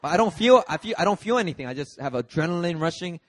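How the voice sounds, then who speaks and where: A man, a pastor, preaching a sermon through a lively personal story, acting out the scenes. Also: on the high side, quick pace, no echo. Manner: lively, acts out scenes with shifting voices.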